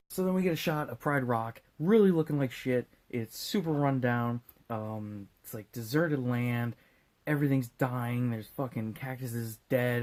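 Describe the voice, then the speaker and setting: A man's voice: medium pitch, a little mellow. A drunk man hosting a comedic movie recap in a rambling, profane, jokey way. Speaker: host.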